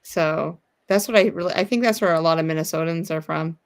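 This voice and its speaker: A woman's voice: low voice, brisk. A woman guesting on a casual livestream, talking in a rambling way with lots of fillers. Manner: talkative, rambling, many fillers like "like". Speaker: guest co-host.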